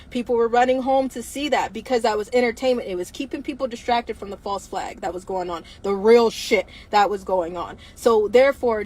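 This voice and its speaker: A woman with a somewhat high voice delivers an impassioned livestream monologue. She hammers her points with repeated rhetorical questions and speaks bluntly, with casual profanity. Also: a little mellow, rough recording. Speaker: livestream host.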